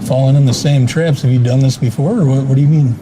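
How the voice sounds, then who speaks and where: A man from a vigilante group confronting someone at a shopping mall, talking in a calm, coaxing way and repeating reassurances. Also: medium pitch, fast. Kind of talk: on-the-street confrontation. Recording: clip with clear background noise.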